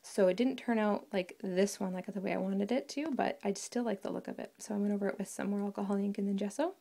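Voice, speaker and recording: A woman's voice: mid-range voice, steady tone, fast talker, gravelly, warm tone. A woman casually walking through a craft project, chatty and rambling and often correcting herself.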